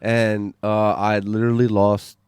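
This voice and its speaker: Man with a smooth, low voice, telling a hunting story. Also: measured pace, dry recording, clean studio sound. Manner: excited, rambling retelling with frequent restarts; casual swearing. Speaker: podcast guest, bowhunter. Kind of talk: casual storytelling.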